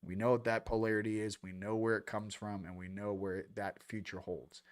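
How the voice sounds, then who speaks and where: A man hosts a casual spiritual talk show, ranting animatedly and swinging between loud outbursts and low, intense stretches, complete with playful sound effects and mock voices. His delivery is flat and his pace moderate.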